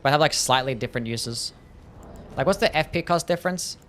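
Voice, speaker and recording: A man's voice: medium pitch, a little fast, a bit bright, a little hiss or hum. Offhand male game streamer. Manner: loose and offhand, with swearing and laughter. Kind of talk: casual live-stream commentary, answering chat. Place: home streaming setup.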